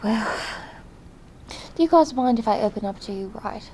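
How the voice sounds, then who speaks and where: A young woman playing an earnest, lonely diarist in a video diary, speaking hesitantly and softly, often slipping into whispers. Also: a little high, lively intonation, moderate pace, a little hiss or hum, rough recording. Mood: confiding. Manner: hesitant and soft-spoken, drifting into whispers. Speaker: diary vlogger character. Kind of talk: in-character diary vlog.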